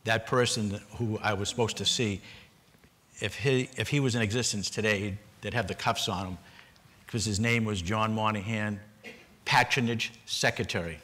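Older Boston man, panel storyteller, earnest, bright and lowish voice. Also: steady tone, moderate pace, slight background noise. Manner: earnest, with repeated restarts and brief laughs. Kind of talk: personal storytelling at a public forum.

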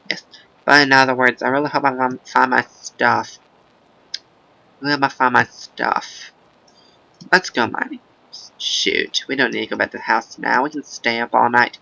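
A man doing casual, rambling video game commentary in a gravelly, goofy put-on voice, breaking into silly sing-song chants. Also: medium pitch, steady tone, unhurried, pauses often, pushed and bright, lo-fi sound. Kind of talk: casual let's-play commentary.

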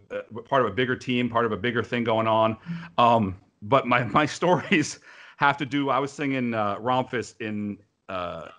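Animated, profane storytelling man. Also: mid-range voice. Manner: animated, profane storyteller who acts out quotes. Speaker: opera singer co-host. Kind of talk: casual video-call chat, storytelling.

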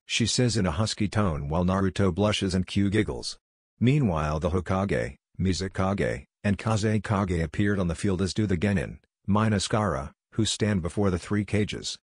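Deep male reader for fan fiction, flat and steady, no room sound. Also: moderate pace, breathy edge, dry recording, clean studio sound. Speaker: narrator. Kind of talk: fan fiction read-aloud narration.

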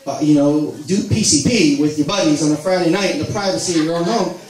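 A man's voice: fairly high pitch, fast, darkish tone. A man in his late thirties telling a rambling, self-deprecating spoken word story to a live audience. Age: late 30s. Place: small live venue with audience. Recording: roomy live recording from far off, crowd noise. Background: audience laughter.

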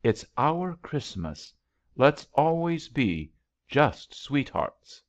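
A man reading an audiobook, voicing a tender lover who speaks softly and affectionately in a raised voice. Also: mid-range voice, very animated, extremely slow, pitched above the performer's own voice. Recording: dull lo-fi recording.

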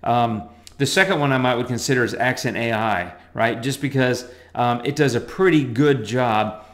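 A man's voice: mid-range voice, normal speed, reverberant. A man casually talking through a photo editing tutorial in a loose, chatty way with plenty of fillers and asides. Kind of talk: casual screen-recorded tutorial.

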